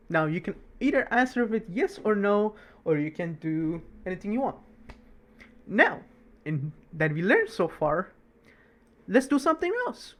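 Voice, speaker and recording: Young male tutor, casual coding lesson, fast and filler-heavy. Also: sits high. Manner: fast, rambling, with many fillers and self-corrections. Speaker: coding teacher. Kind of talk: screen-recorded coding tutorial.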